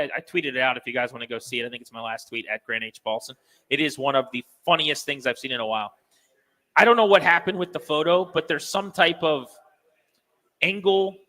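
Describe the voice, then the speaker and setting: A man's voice: fairly high pitch, bright, forceful tone, big-room sound. An American man hosting a sports radio show in a chatty, joking way.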